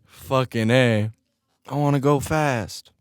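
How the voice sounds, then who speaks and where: A man's voice: mid-range voice, slow, clean tone, no echo, clean studio sound. A young man hosting his own podcast, telling casual stories with lots of swearing and frequent laughter. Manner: laid-back, profane, laughs often while telling stories. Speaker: podcast host. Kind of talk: casual solo podcast storytelling.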